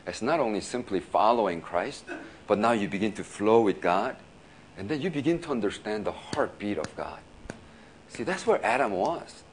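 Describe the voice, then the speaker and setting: A male pastor preaching in a casual, storytelling way, laughing often and filling his talk with "you know" and quick restarts. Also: fairly low pitch, animated, a little hiss or hum. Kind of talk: sermon storytelling.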